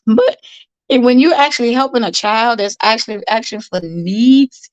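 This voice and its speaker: A woman's voice: fairly high pitch, normal speed, no echo, lo-fi sound. A woman hosting a casual livestream, chatting earnestly about foster parenting and reading out viewer comments, often repeating herself for emphasis.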